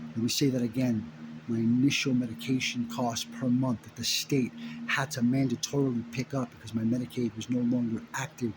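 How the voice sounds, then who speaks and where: A man's voice: mid-range voice, level tone, normal speed. Indignant, profane man over background noise. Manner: profane, emphatic, indignant, repeats phrases for stress. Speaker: vlogger recounting his own story. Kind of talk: impassioned personal monologue.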